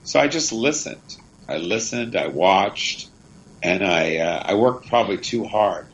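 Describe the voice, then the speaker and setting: A man's voice: low voice, expressive, measured pace, poor audio. A middle-aged man, a comedian and actor, telling chatty, rambling anecdotes in an interview. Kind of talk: casual interview storytelling.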